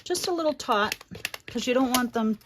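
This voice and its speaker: A middle-aged woman with a slightly high, animated voice hosts a livestream craft tutorial, pausing between steps to read viewer comments aloud. She talks at a moderate pace over some background noise, chatty and warm toward her daughter and those watching.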